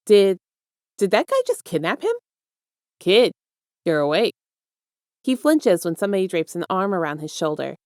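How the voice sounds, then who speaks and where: A woman's voice: on the low side, a little mellow, clean tone, no room sound. A woman reading fan fiction aloud as a podfic, narrating steadily into a close mic. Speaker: podfic reader. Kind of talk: audiobook-style fiction narration.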